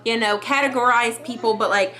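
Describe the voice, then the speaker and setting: Chatty young woman with a bright voice. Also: on the high side, a little fast. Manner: chatty, full of "like" fillers. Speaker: vlogger. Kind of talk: storytime vlog.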